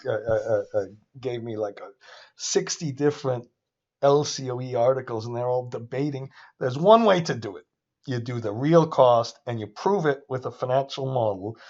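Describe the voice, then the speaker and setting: Rambling excitable man lecturing, dull audio. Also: mid-range voice. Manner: rambling, excitable, self-interrupting. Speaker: finance instructor. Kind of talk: casual screen-share lecture.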